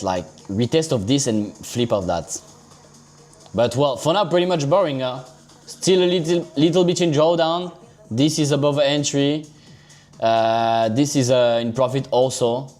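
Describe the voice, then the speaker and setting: Brief: male streamer talking through charts, relaxed and profane, medium pitch, quiet music bed. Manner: loose, chatty, swears casually, talks to viewers as guys and bro. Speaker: livestream crypto trader. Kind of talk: casual live-stream chart commentary.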